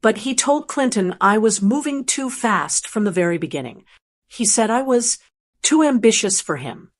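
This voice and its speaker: A woman voicing a sweet-sounding, manipulative young woman who speaks in a soft, fragile, wounded way. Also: fairly high pitch, expressive, moderate pace.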